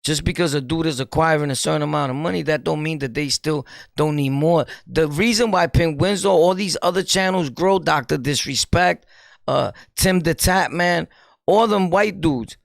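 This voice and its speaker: A man with a New York accent, a streamer giving an animated, preachy commentary in street slang and laughing often. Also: on the high side, moderate pace, vocal fry, no echo, studio quality. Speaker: streamer and YouTuber. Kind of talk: casual commentary monologue.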